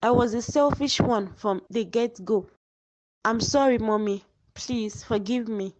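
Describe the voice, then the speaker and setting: A woman's voice: on the high side, no echo, close to an everyday voice, poor audio. A woman voicing a dying young woman in a cartoon drama, weak and remorseful, speaking faintly. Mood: weak tender. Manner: faint, slow farewells.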